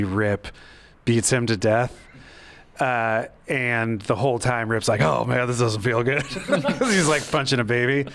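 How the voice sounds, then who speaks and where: A man, the show's co-creator and voice actor, chatting in a casual interview, laughing often and joking quickly. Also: fairly low pitch. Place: studio at a convention.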